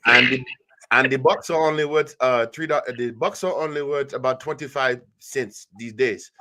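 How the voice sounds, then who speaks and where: A man doing a pompous, stuffy gentleman who speaks in stiff and elaborate phrases. The voice sits high and sounds bright and forceful, far above the speaker's usual register. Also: moderate pace, a little hiss or hum, close to an everyday voice. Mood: mock-grand. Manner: stiff, elaborate formal wording.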